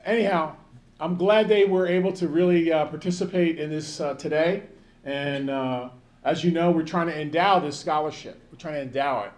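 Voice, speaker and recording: A man's voice: a little high, normal speed. A man in his fifties giving a rambling, joking banquet speech, calling out to people in the crowd. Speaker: banquet speaker.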